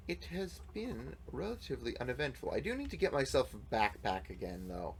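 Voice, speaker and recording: A man's voice: medium pitch, very animated, measured pace, gravelly, slight background noise, poor audio. A man giving casual, rambling gameplay commentary as a let's play host, thinking aloud as he goes.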